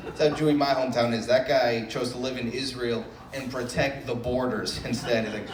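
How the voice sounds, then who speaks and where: Stand-up comic in an echoey room. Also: male voice, mid-range voice, fairly even intonation, fairly quick, few pauses, slight background noise. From Brookline, Massachusetts. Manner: loose, self-mocking, riffs with the crowd. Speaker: stand-up comedian. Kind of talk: stand-up comedy set. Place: comedy club stage. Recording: echoey room from a distant mic, faint crowd ambience.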